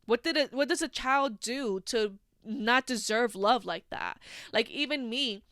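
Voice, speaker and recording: A woman's voice: on the high side, unhurried, a bit bright, no echo, clean studio sound. A woman in her twenties hosting a solo podcast, talking frankly and with a lot of swearing and "like" fillers. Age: 20s. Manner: frank and heavily profane, full of "like" fillers. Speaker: podcast host. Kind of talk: candid solo podcast monologue.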